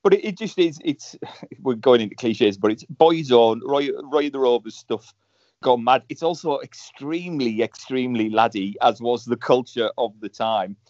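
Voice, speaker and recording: A man in easy, joking conversation. He keeps stumbling into restarts and fillers as he goes. His voice sits at an ordinary pitch, and it comes through a dull, dry, somewhat lo-fi recording. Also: normal speed, darkish tone, dry recording. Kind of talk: casual chat. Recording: dull, slightly lo-fi dry sound.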